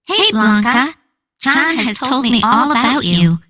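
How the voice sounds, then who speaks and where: A woman reading a scripted textbook dialogue, asking friendly, clear questions. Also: fairly high pitch, sing-song, measured pace, pushed and bright, full character voice.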